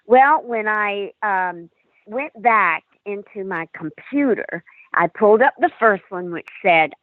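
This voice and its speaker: Animated woman storyteller on a phone line. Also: mid-range voice, normal speed, no room sound. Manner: animated storyteller acting out quotes. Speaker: paranormal investigator guest. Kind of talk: storytelling in a call-in interview. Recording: tinny dry phone line.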